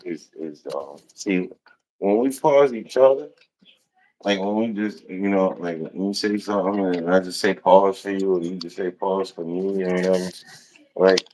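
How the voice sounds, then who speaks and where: A man's voice: low-pitched, darkish tone, slight background noise, poor audio. A man hosting a casual livestream, rambling through funny stories, swearing and laughing often. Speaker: host.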